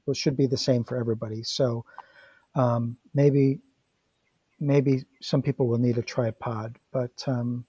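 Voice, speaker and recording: A man's voice: mid-range voice, little pitch movement, a little slow, mellow, breathy edge, no room sound, low-quality recording. A man directing a casual production meeting over a video call, explaining plans in an easygoing, reassuring way.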